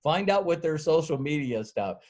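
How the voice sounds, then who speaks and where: A man's voice: a little high, expressive, normal speed, a little mellow. A middle-aged man giving a casual sales training talk, telling a rambling, folksy story and acting out the dialogue. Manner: rambling, folksy, laughs often, acts out dialogue.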